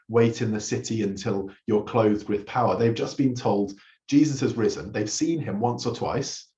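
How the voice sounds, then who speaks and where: Male pastor, mid pitch, preaching in a roomy, muffled church recording; earnest storyteller. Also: darkish tone. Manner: earnest storytelling, acts out quoted lines. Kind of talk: sermon. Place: church hall.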